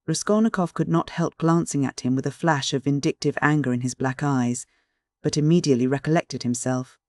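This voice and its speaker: A man narrating a classic novel as an audiobook in a measured, steady reading. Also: fairly high pitch, no echo, clean studio sound. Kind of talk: scripted literary narration.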